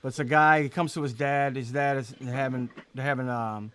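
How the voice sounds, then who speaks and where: A man's voice: medium pitch, steady tone, fairly quick, fairly bright tone, slight background noise. Man, talkative host, mid-range voice, laughs through his stories. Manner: chatty storyteller, laughs often. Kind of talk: casual comedy chat.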